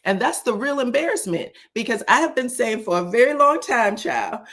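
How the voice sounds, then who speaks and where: A woman hosting a casual commentary show. She talks in a sassy, animated way, often says "child", chuckles, and uses "um". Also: fairly high pitch. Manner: frequent chuckles and filler "um". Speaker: host of a reality TV commentary channel.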